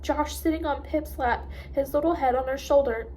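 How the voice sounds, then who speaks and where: A woman reading a novel aloud with an expressive, emotional delivery. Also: high-pitched, normal speed, slight background noise. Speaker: audiobook reader.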